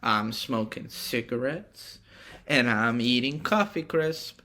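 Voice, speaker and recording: A man's voice: medium pitch, takes it slowly, pushed and bright. A young man hosting a podcast alone, talking casually in a rambling, profane and reflective way. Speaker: podcast host. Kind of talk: casual solo monologue.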